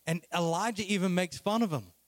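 A man preaching a sermon as a lively, casual, slangy retelling of a story. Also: sits high, fairly quick, dry recording.

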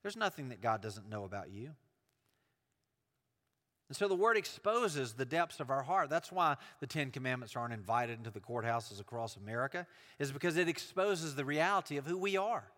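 A man's voice: medium pitch, a little fast, a bit bright, long reverb tail. A man preaching a sermon, earnest and building emphasis through repetition.

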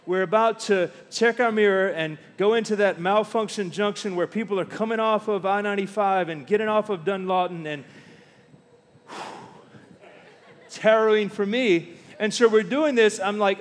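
A middle-aged man preaching with a bright, high-pitched voice. He tells stories as he goes and slows to a crawl on the words he wants to land. His voice rings with a long reverb, as in a church sanctuary. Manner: storytelling preacher, slows down for emphasis. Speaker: pastor. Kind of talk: sermon.

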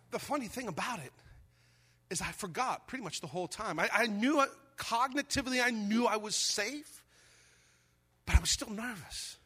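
Male pastor, high ringing voice, lively sermon storyteller. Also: husky. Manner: storytelling, animated, acts out quoted voices.

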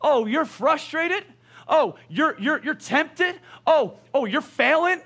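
A man's voice: very high-pitched, expressive, slow pace, a bit bright, pitched above the performer's own voice, exaggerated voice. A man voicing a sneering male demon who taunts a complaining Christian with mocking questions.

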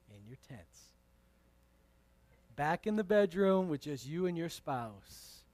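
A male pastor preaching a sermon, emphatic and conversational, moving from loud declarations to hushed asides with playful remarks. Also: on the high side, dry recording.

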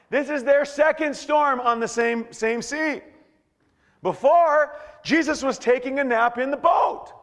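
A man preaching a sermon as pastor, animated and joking, acting out quotes with shouts and stammers. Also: extremely high pitch, long reverb tail.

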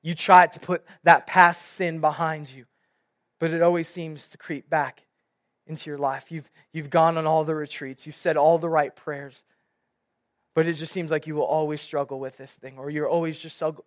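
A young man, a youth pastor, preaching a sermon in an animated storytelling way, with many casual fillers. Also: on the high side, moderate pace, no room sound, clean studio sound.

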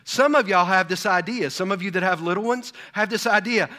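A man's voice: high voice, lively intonation, takes it slowly, pauses often, bright, forceful tone. A pastor in his fifties preaching a sermon, full of rhetorical questions and personal stories. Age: 50s.

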